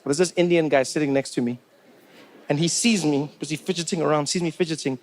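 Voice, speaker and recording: A man's voice: on the high side, quick pace. A man in his forties from South Africa doing stand-up comedy, telling stories with incredulous rising questions.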